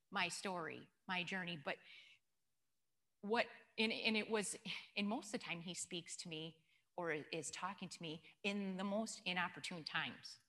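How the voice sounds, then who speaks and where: A woman's voice: mid-range voice, bright, forceful tone. A woman giving an informal church teaching talk, telling stories and asking the audience questions. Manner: chatty, storytelling, asks the audience questions. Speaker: church speaker. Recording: long hall reverb.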